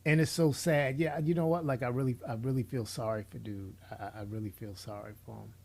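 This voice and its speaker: Gravelly yet a little mellow, his medium-pitched voice stays steady while he talks a bit fast. The middle-aged male commentator lectures the person he's criticizing to their face, bluntly and preachily.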